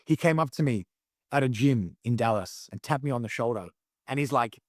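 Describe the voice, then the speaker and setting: A man's voice: medium pitch, fairly quick, no room sound, studio quality. A young Australian man, a guest on a podcast, telling stories in a loose, enthusiastic way full of fillers. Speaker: guest, competitive eater. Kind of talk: casual interview chat.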